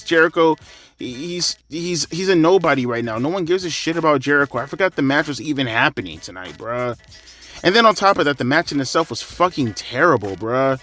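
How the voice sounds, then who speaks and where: A man with a slightly high voice rants through a wrestling show review, swearing freely and sounding exasperated. He sinks into weary, low mutters and then bursts out into high, loud complaints. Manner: profane, exasperated, swings from mutters to yells. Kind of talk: ranting commentary vlog.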